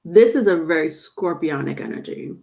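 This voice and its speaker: A woman's voice: sits low, animated, moderate pace, gravelly, warm tone. Chatty woman tarot reader. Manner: chatty, repetitive, laughs often. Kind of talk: live-stream reading and chat.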